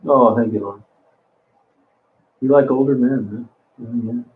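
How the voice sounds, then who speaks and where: A man's voice: mid-range voice, fairly even intonation, measured pace. Man, livestream host, blunt and crude, rambling; tinny phone-like audio. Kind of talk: casual live chat reading comments.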